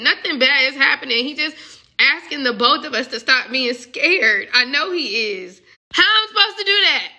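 A woman's voice: high voice, pushed and bright. A young woman giving a casual, emotional spiritual message reading as a love coach. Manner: emotional, musing, conversational.

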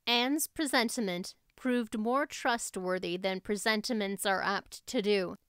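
A woman reading a classic novel aloud as an audiobook narrator, steady and expressive. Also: mid-range voice, clean tone, no echo, clean studio sound.

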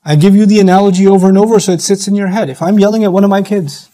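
A middle-aged man giving a sermon-style lecture, animated, acting out quoted voices as he teaches. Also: sits high, rapid-fire, poor audio. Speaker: Islamic speaker.

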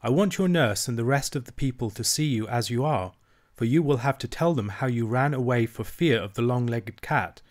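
An ageless fairy grandmother from a storybook, gentle and wise, comforting a child in soft, tender tones, as a man reading aloud puts her on. Her speech is unhurried and kind. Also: mid-range voice, lightly acted. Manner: tender, reassuring.

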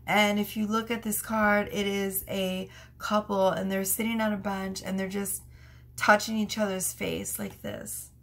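A woman's voice: medium pitch, flat delivery, measured pace. A woman doing a casual tarot reading, chatty and prone to fits of laughter. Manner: giggly, chatty, laughs through her words. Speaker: tarot reader.

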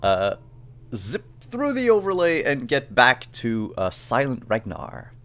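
A man hosting a tabletop game stream over a video call, taking his time with each word. His pitch rises and falls a lot as he talks. He sounds easygoing, filling his pauses with small ums. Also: wildly swooping pitch, a bit bright. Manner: easygoing, unhurried with fillers. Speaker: game master.

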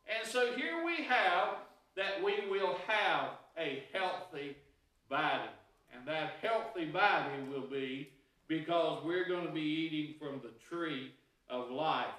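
A man preaches with a high, ringing, bright voice, telling folksy homespun stories between Scripture passages. The sound is heavily reverberant and set back from the microphone, as in a church sanctuary. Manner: folksy storytelling with homespun anecdotes. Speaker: pastor. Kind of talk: sermon. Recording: very echoey room, voice heard from a distance.

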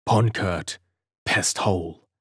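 A man's voice: deep voice, slow, a bit bright, husky, no echo, clean studio sound, exaggerated voice. A man voicing a crippled former soldier father who talks in a grim, gritted mutter, in a storybook reading.

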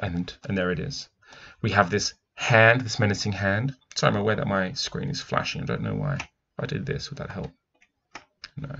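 A man's low voice swings widely in pitch, sounding creaky, pushed and bright at a moderate pace over slight background noise. He's a teacher reading a picture book aloud and analyzing it, musing thoughtfully and restarting often, captured in dull lo-fi quality.

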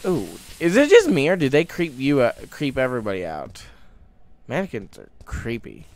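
A man's voice: mid-range voice, big pitch swings, normal speed, a little mellow, no echo. A young man commenting on a horror game as he plays, muttering to himself with sudden startled outbursts. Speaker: gaming YouTuber.

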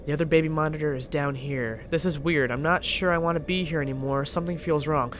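A man's voice: fairly high pitch, fast talker, hardly any pauses, fairly bright tone, a little hiss or hum. A young man commentating a horror game he is playing, joking around, swearing and yelping at the scares. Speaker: gaming channel host.

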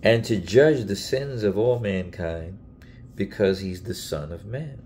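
A man's voice: lowish voice, unhurried, a little mellow, slight background noise. A man preaching in a casual Bible teaching video, earnest and emphatic, often repeating himself and restarting phrases.

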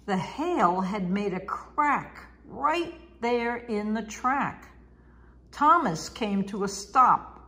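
A woman reads a children's picture book aloud at an unhurried pace. Her voice is lively and sing-song, rising and falling as she tells the story. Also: medium pitch. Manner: slow, expressive, sing-song.

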